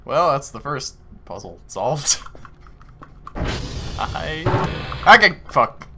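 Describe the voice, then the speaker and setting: A young man chatting casually while playing a game, excitable, swearing and laughing often. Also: mid-range voice, extremely slow, vocal fry, music in the background. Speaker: gaming streamer. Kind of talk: casual gameplay chat. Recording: keyboard clicks and typing behind.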